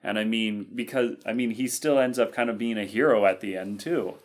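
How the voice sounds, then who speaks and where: A man co-hosting a podcast in casual chat, asking measured questions and hedging with fillers. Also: lowish voice. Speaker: podcast co-host.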